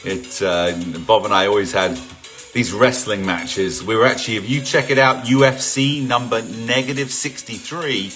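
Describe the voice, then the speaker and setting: The voice is lowish, steady and fairly bright, moving at a moderate pace. It belongs to a middle-aged English man leading a live home exercise session, chatting, joking and welcoming viewers by name, with faint background music.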